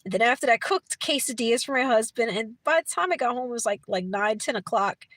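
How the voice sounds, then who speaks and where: A woman's voice: a little high, fast talker, fairly bright tone, no echo. A middle-aged woman from Brooklyn with a New York accent, chatting casually with viewers, rambling with restarts and laughing often. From Brooklyn, New York City. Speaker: livestream host reading chat. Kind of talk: casual chat.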